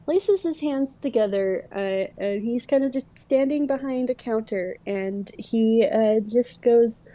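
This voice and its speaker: Woman gm narrating a tabletop game, slow and hesitant, lots of uhs, mellow tone. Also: on the high side. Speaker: game master.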